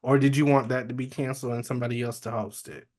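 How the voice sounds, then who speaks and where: A man's voice: mid-range voice, fairly even intonation, quick pace, a little mellow. Casual man co-hosting a gossip podcast. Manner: reads news items aloud, candid and profane. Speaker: podcast co-host.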